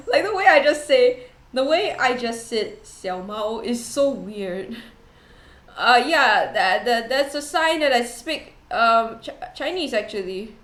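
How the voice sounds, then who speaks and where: A young woman streamer chatting casually with her viewers, rambling and giggly and quick to poke fun at herself. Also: on the high side, fairly bright tone. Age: young adult. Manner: rambling, giggly, self-deprecating. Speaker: VTuber streamer. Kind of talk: casual chat. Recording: roomy echo.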